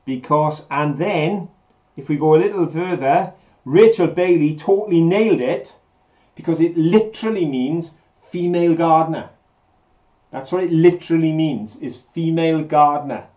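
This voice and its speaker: A man's voice: fairly high pitch, normal speed, warm tone. A man, co-hosting a live stream in a chatty, jokey, enthusiastic way. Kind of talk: casual live-stream chat. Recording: slightly dull lo-fi sound.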